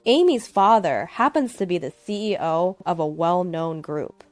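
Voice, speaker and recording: A woman reads a first-person story in an expressive, scripted narration with lively swings of pitch. Her voice is dry and close to the mic. Soft music plays underneath. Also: moderate pace, no echo. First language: English.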